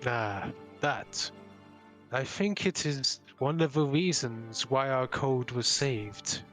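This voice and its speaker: Slow-talking man game master. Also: mid-range voice, a bit bright, soft background music. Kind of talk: narrating a tabletop game.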